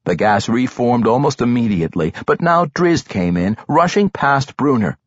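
Husky-voiced man narrating fantasy audiobook. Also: medium pitch, normal speed, dry recording. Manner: expressive, animated delivery. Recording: slightly dull, dry recording.

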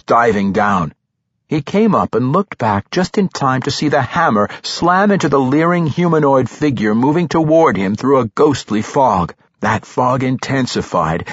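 Guy reading a fantasy book out loud, animated, slows down for the spooky parts, dry close sound. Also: mid-range voice, slightly rough, dry recording, lo-fi sound. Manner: expressive storytelling, slows for suspense. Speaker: audiobook narrator. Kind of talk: fantasy novel narration.

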